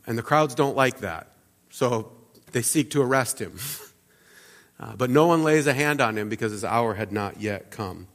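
A man preaching a sermon in a relaxed, conversational way, with restarts and explanatory asides. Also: mid-range voice, normal speed, in a large hall. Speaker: pastor. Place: church sanctuary.

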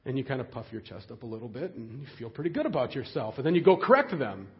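Animated conversational male preacher. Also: medium pitch, fast, muffled recording. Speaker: pastor. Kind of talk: sermon.

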